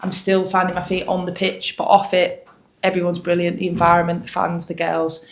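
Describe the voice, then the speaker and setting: In a reverberant space, a Hull-accented young woman footballer from Hull, England chats through post-match interview questions. Her lowish voice is monotone and fairly quick, and she often says um and starts over.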